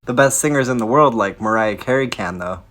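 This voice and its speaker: A man speaking with vocal fry in a blunt, casual educational explainer, swearing now and then. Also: medium pitch, fast, very noisy. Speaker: science video creator.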